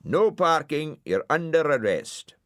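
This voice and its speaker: A man voicing a grumpy, bossy male dog acting as a parking warden, high and indignant. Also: very animated, slow, dry recording, studio quality. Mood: officious. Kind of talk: audiobook character voice.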